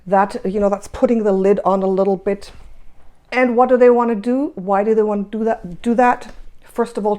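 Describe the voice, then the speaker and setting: A woman's voice: medium pitch, dark tone. Woman giving an emphatic spiritual monologue. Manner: emphatic, repeats phrases, frequent rhetorical questions. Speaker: spiritual channel host. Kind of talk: spiritual energy-update monologue.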